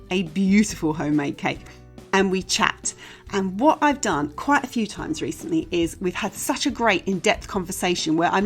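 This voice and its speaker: A woman hosting a podcast interview, chatty and friendly, laughing easily. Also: on the low side. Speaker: podcast host.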